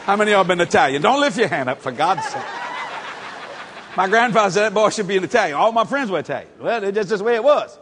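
A middle-aged man from New Orleans, preaching a sermon as animated storytelling with shouted bursts and chuckles. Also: high voice, quick pace, slight background noise. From New Orleans, USA. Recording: long hall reverb.

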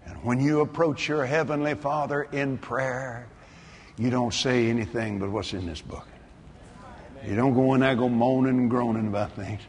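A man preaching a sermon, moving between hushed tones and exuberant shouting. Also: medium pitch, fairly even intonation, moderate pace. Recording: reverberant hall, faint ambience.

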